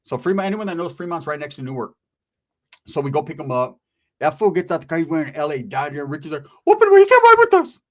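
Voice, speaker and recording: A male comedian telling a profane story, rapid and animated, tagging lines with "right?". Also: on the high side.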